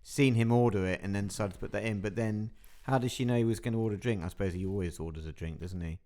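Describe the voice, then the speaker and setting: A man's voice: lowish voice, fast, mellow. A man co-hosting a casual podcast chat, musing aloud and ending thoughts with tag questions. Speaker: podcast co-host.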